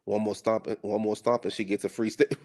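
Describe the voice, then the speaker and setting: Low-voiced man with vocal fry, casual sassy reaction commentary. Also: little pitch movement, a little fast, mellow. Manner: sassy, teasing.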